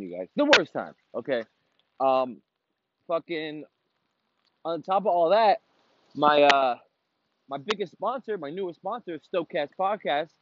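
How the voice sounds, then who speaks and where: A man's voice: on the high side, dry recording, highs cut off. A man hosting his own podcast, ranting casually and with a lot of swearing while he walks outdoors in the rain. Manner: profane, ranting, rambling. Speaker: podcast host. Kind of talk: casual monologue.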